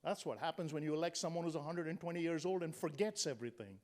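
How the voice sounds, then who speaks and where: High-voiced man in his sixties, punchy speaker. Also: fast, darkish tone. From India. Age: 60s. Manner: punchy, joking, rhetorical questions. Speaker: motivational speaker. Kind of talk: humorous motivational speech.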